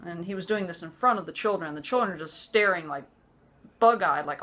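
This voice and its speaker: Low-voiced woman recounting her story haltingly. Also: sharp tone. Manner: halting, earnest, with frequent restarts. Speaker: vlogger. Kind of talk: personal testimony to camera.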